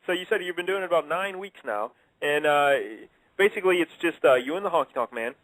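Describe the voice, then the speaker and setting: A man's voice: a little high, expressive, fast, a bit bright, no echo, rough recording. A man hosting a radio show, interviewing a guest in a chatty, joking way.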